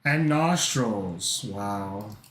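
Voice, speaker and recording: A man's voice: fairly low pitch, lively intonation, very slow, a bit bright, echoey room. A man chatting casually while drawing on a livestream, rambling, swearing a lot and laughing often. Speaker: art streamer.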